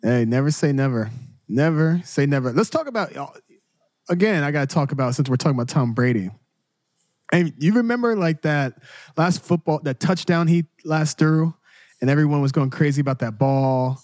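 A man co-hosts a casual podcast chat with a slightly high voice, chiming in eagerly with quick reactions. The sound is dry and close. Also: expressive, darkish tone, dry recording. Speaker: podcast co-host.

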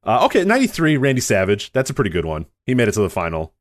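A man's voice: medium pitch, wildly swooping pitch, dry recording, clean studio sound. A man co-hosting a podcast, rattling off wrestling history in casual chat, laughing and swearing often. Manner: rapid, laughing, profane rundown of wrestling history. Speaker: podcast co-host.

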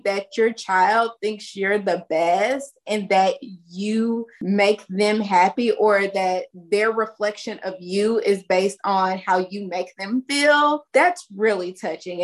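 Relaxed slangy woman podcast co-host. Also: medium pitch. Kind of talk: casual podcast chat.

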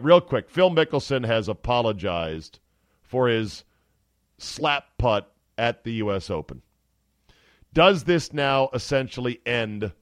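A man's voice: mid-range voice, dry recording, clean studio sound. Sardonic male sports talk host. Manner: sarcastic, wry commentary.

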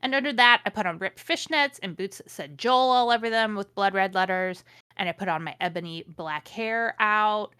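A woman's voice: mid-range voice, normal speed, sharp tone, clear, resonant tone, no echo, studio quality. A woman reading fan fiction aloud for laughs, breaking off with sarcastic, exasperated asides. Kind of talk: comedic read-along with commentary.

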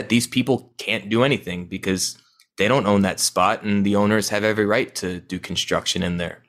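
A man co-hosting a casual podcast, talking in a measured, thoughtful way. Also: on the low side, a bit bright. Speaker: podcast co-host. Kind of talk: casual chat.

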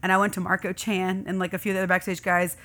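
A woman's voice: lowish voice, very fast. A woman in her thirties, a guest on a podcast, chatting casually and acting out the people in her stories. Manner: animated storyteller who acts out quoted people. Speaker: podcast guest, host's wife. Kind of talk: casual chat.

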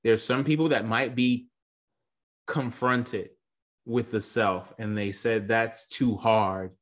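A man co-hosting a podcast, reflecting on himself in a halting, searching way with restarts. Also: fairly low pitch, steady tone. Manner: reflective, halting, thinks aloud. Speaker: podcast co-host. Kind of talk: podcast conversation.

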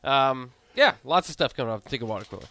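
A man hosting a sports radio show, relaxed and quick to laugh, running down the upcoming topics. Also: mid-range voice. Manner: easygoing, laughs often, uses fillers. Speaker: radio host. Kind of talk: casual sports radio banter.

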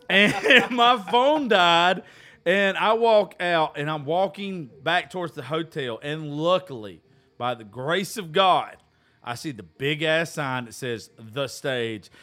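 A man's voice: a little high, animated, takes it slowly, sharp tone. Profane, laughing male storyteller. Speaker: podcast host. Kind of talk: casual storytelling chat.

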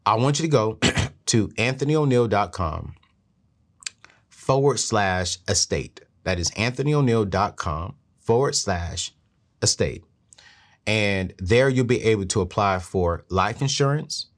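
A middle-aged man hosting a show and giving money advice in an earnest, preachy way that climbs higher when he presses a point. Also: lively intonation, unhurried. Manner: earnest, preachy, rises in pitch when emphatic. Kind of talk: motivational talk to camera.

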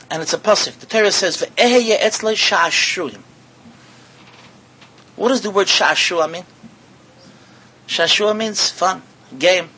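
Preaching to an audience as a rabbi, a man delivers an animated sermon packed with rhetorical questions, repeating himself and weaving in Hebrew and Yiddish terms. His voice sits high and a little rough, and the recording quality is low.

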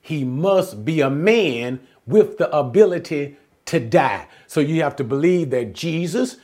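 A man gives a Bible lesson at an unhurried, deliberate pace, breaking Greek phrases down word by word. His voice sits a little high and swings widely in pitch. He keeps asking his listeners questions and then answering them himself. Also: animated, a little mellow. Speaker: Bible teacher. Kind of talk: Bible teaching lecture.

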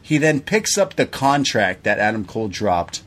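A man co-hosting a podcast, retelling events in a casual, animated way and acting out what people said. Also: on the low side, moderate pace. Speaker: podcast co-host. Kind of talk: casual recap chat.

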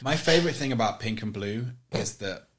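A man's voice: mid-range voice, expressive, a little fast. A man co-hosting a podcast, chatting casually with dry, wry humor. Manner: dry, wry commentary with laughs. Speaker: podcast co-host. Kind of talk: casual chat.

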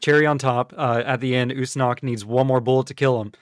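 A man's voice: medium pitch, fairly even intonation, a little fast, dry recording, studio quality. A young man in casual podcast chat who recaps plot points and steers the talk along. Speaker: podcast co-host.

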